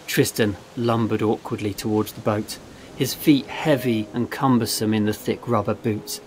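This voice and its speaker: Man narrating a story over soft guitar. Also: fairly low pitch, steady tone, normal speed. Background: faint guitar music.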